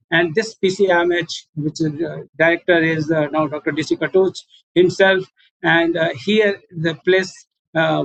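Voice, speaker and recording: High-voiced Indian professor, halting delivery. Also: male voice, no room sound. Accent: Indian English. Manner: halting, with frequent 'uh' pauses and emphatic repetition. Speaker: professor presenting at a webinar. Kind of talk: formal webinar presentation. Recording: dull lo-fi webinar audio.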